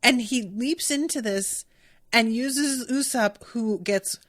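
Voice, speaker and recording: A woman's voice: on the high side, slow pace. Giggly young woman podcast host. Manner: giggly, animated storytelling with frequent laughter. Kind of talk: casual episode recap.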